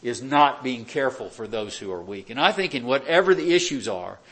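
A man's voice: mid-range voice, animated, a little fast, a bit bright, husky. A man preaching a verse-by-verse sermon in a conversational way, with rhetorical questions and dry sarcastic asides. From United States. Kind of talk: expository sermon.

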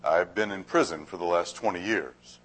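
A preacher playing a mild, polite gentleman in a joke. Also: low voice, moderate pace. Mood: matter-of-fact. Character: calm, polite older man in a joke.

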